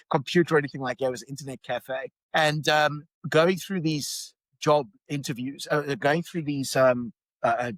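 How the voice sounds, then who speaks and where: A man's voice: mid-range voice, fairly bright tone, no room sound, rough recording. A man with a South African accent telling a personal story casually, full of restarts and fillers. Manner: rambling, many restarts and fillers.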